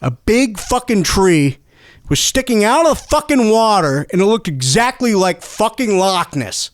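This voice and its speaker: A male comedy show host ranting in a rambling, excitable way, swearing constantly and tripping over his words. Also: high-pitched, unhurried, no room sound.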